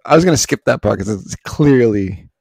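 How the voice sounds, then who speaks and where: A man co-hosting a podcast, chatting casually about a comic book, animated and laughing often. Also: medium pitch, moderate pace, vocal fry, slightly rough, no echo. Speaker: podcast co-host.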